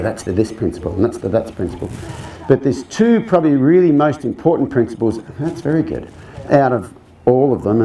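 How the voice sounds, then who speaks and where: A male horse trainer talks his audience through a clinic in a relaxed, conversational way, joking and putting questions to the crowd. His voice is mellow and warm, at an ordinary pitch for a man. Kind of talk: live clinic talk to an audience.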